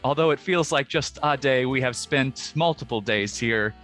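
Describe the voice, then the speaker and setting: A man's voice: mid-range voice, fairly bright tone, faint music behind. A man playing a tabletop game, giving formal courtroom speeches in character. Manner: formal, measured. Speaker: player.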